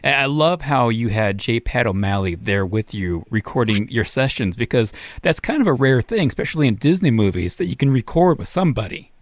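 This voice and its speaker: A man's voice: medium pitch, animated, fairly quick, few pauses, no room sound. A man hosting an interview podcast, asking friendly, brief questions. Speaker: podcast host.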